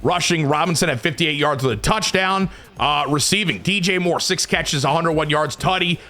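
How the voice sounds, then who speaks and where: A hyped gaming YouTuber records excited video game commentary in his room, his voice high and bright at a normal speed. He swings from loud hype down to low muttering and sounds sweaty and tired from a long session.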